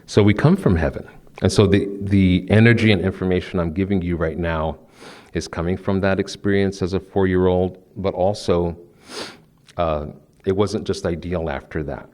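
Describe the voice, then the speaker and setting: A man's voice: low voice, fairly even intonation, normal speed, darkish tone. A man from New Jersey giving a live spiritual talk from a podium, telling personal stories in a conversational way with frequent restarts. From New Jersey, USA. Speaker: spiritual speaker. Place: lecture room with podium.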